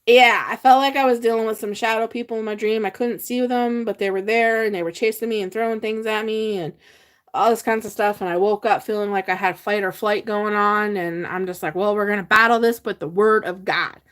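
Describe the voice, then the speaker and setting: A woman's voice: medium pitch, fairly even intonation, a little fast. A woman hosting a casual livestream, chatting with viewers, reading their comments aloud and laughing often. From Pennsylvania. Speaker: livestream host.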